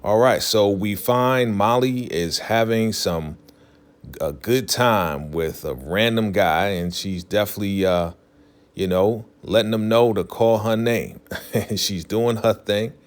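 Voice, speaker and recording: A man with a low, deep voice walks through a TV episode in a relaxed, conversational way. He keeps leaning on fillers and restarts as he retells the scenes. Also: a little slow, clear, resonant tone. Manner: loose, filler-heavy retelling, leans on "definitely" and "you know". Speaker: TV recap vlogger. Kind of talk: casual episode recap.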